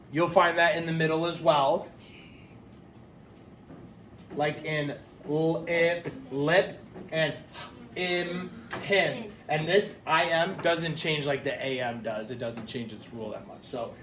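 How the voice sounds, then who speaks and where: A male teacher giving a phonics lesson to young children, sounding out letters slowly and clearly and offering encouragement. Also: fairly high pitch, fairly bright tone, echoey room, slight background noise. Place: classroom.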